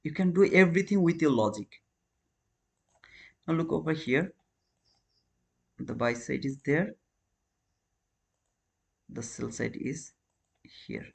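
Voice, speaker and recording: Guy live trading stream, kinda high voice, english, earnest, keeps saying man and brother. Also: expressive, slow, gravelly, long pauses, husky. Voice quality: non-native English, repeats phrases. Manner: earnest, questions viewers, calls them man and brother.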